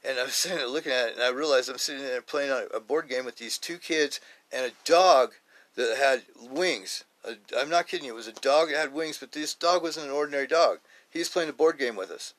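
A man on a podcast, telling a personal faith testimony in an excited, rambling way, often saying "man". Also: mid-range voice, fairly quick. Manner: excited, animated, repeats himself, says "man" often. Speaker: podcast host.

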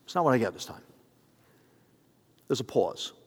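Middle-aged pastor in a reverberant church. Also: male voice, medium pitch, moderate pace, breathy edge. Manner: animated, acts out phone voices, builds to appeals. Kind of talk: sermon with storytelling. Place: church sanctuary. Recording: long reverb of a church hall.

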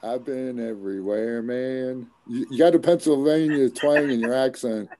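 A man's voice: medium pitch, moderate pace, mellow, a little hiss or hum. A man in casual podcast chat, joking and laid-back.

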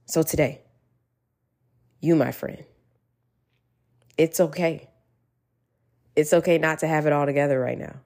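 A woman's voice: low-pitched, darkish tone. A woman giving an earnest, encouraging motivational talk straight to her listeners, repeating reassurances as she goes. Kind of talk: casual motivational monologue.

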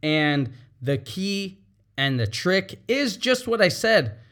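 Man, teacher and parent, slightly high voice, slow pace, reflective talk, patient, repeats points. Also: sing-song, a bit bright. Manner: explains patiently, repeats key points, asks "right?".

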